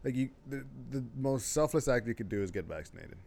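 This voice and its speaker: A man co-hosting a loose podcast, swearing often and ranting bluntly. He sits at a middling pitch and talks casually, like he's chatting with a friend. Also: expressive, fairly quick, vocal fry, darkish tone. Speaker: podcast host. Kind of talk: casual chat.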